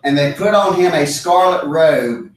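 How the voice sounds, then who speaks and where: Leading a Bible study discussion, this man speaks earnestly and with emphasis, often repeating key phrases for stress. His voice is a little high and his pace measured. The room is echoey and the mic sits far off.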